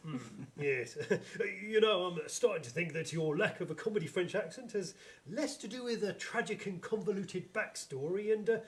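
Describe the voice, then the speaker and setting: A man's voice: high voice, normal speed, natural voice. A man acting a bumbling, pompous police inspector in a live stage comedy sketch, with stagey, stammering delivery. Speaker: comedy actor.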